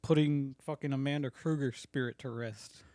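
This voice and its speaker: A man's voice: mid-range voice, fairly even intonation, normal speed, mellow, no echo. A man co-hosting a podcast in casual chat, laid-back with short interjections. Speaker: podcast co-host.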